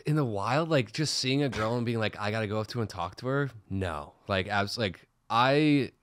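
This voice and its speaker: A man's voice: on the low side, moderate pace, fairly bright tone, no echo. A man co-hosting a podcast, telling laid-back stories in casual chat and saying "dude" a lot. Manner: laid-back storytelling, says "dude" often. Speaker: podcast co-host.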